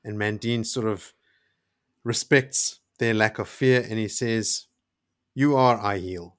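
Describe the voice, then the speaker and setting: Male podcast co-host, somewhat low pitch, eager and chatty while recapping a novel. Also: flat delivery, takes it slowly, fairly bright tone. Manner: enthusiastic, retelling the story with emphatic asides. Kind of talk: casual book discussion.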